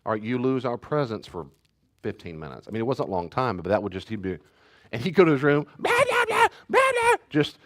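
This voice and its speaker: A male pastor gives a teaching talk and takes questions, with a voice that sits on the low side. His delivery is animated and full of swings in pitch. He acts out family scenes as he tells them. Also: quick pace.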